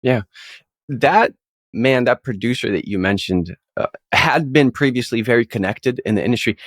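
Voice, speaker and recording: A man hosting an interview, who sums up the story in a measured way before he asks a question. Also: mid-range voice, lively intonation, slightly rough, no room sound, studio quality. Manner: measured, recapping before asking. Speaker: host.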